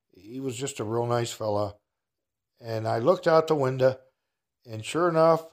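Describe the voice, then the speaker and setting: A man telling a casual personal anecdote in a folksy, rambling way, chuckling at his own story. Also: mid-range voice.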